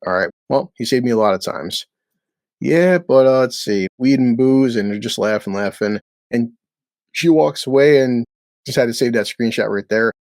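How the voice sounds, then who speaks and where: A man's voice: medium pitch, moderate pace, darkish tone, no room sound. A man giving a casual recap of a TV episode, blunt and sarcastic, swearing freely. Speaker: show recap host.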